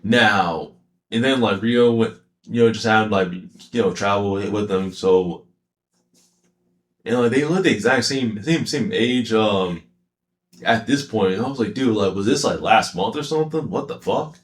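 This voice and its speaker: A man's voice: fairly low pitch, unhurried, reverberant. A man giving a casual, rambling anime commentary, slangy with many fillers and frequent laughter. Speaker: anime reviewer.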